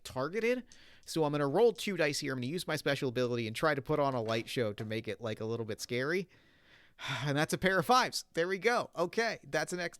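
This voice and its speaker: A man's voice: mid-range voice, fairly bright tone, clear, resonant tone, no echo, clean studio sound. Man thinking aloud over dice rolls. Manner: casual, thinking aloud with fillers. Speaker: player. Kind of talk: explaining moves and rolling dice in a tabletop game.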